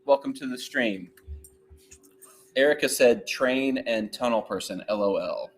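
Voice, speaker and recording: A man's voice: mid-range voice, measured pace. A man hosting a football watch-along livestream, chatting casually about the plays and reading out chat messages. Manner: relaxed play-by-play banter, reads chat aloud.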